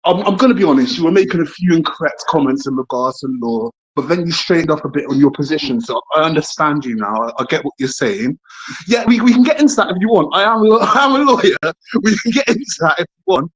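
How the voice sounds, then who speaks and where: A man's voice: a little high, expressive, fast talker, breathy edge, low-quality recording. A man calling into a livestream, a lawyer, speaking casually and hesitantly. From Britain. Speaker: caller, lawyer.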